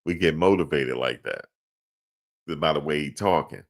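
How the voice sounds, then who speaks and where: A man's voice: very deep voice, moderate pace. A man co-hosting a sports podcast in casual chat, slangy and laughing often.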